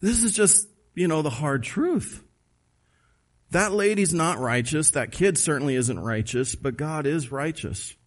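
A man's voice: a little high, expressive, measured pace. A man preaching a sermon, emphatic and conversational, asking the listeners questions and reading scripture aloud. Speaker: pastor.

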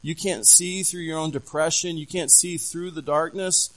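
A man's voice: on the high side, steady tone, moderate pace, fairly bright tone, rough recording. A man pastor preaching a sermon, telling a story with animation and asking the congregation questions.

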